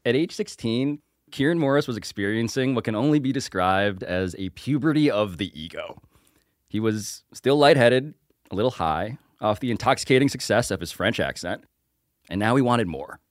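A man's voice: fairly low pitch, lively intonation, normal speed, no room sound, studio quality. A man, a sports podcast host and reporter, giving scripted narration in a wry, vivid storytelling manner.

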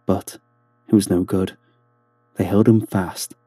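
A man's voice: low-pitched, steady tone, slow pace, dark tone, no room sound, faint music behind. A man narrating a first-person horror story in a tense, dramatic storytelling manner.

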